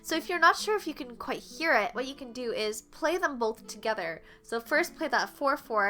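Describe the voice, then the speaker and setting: A woman with a bright, fairly high voice leads an online flute lesson. She explains each step patiently and counts the beats aloud, with faint music behind her. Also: expressive, moderate pace, hardly any pauses. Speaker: flute teacher.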